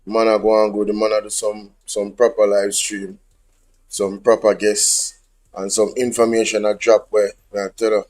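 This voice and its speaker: A man with a Jamaican accent talking haltingly as a podcast guest while fiddling with his phone. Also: fairly low pitch, flat delivery, darkish tone. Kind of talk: casual chat.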